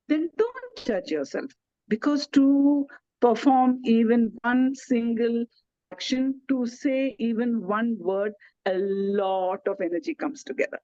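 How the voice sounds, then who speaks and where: A woman speaking gently and reassuringly from India over a video call, giving wellness advice to elders. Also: on the high side, a little slow, no room sound. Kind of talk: online talk to elders. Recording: dull lo-fi video call audio.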